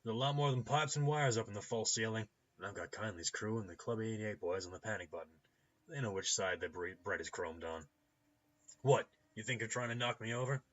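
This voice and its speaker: A man voicing a hungover, cheerful male cyber-doctor with a loose Midwestern accent, shouting and joking. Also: fairly low pitch, a little fast, muffled recording, voice pushed up, natural voice. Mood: boisterous. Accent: loose Midwestern American. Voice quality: shouty, boisterous, jokey.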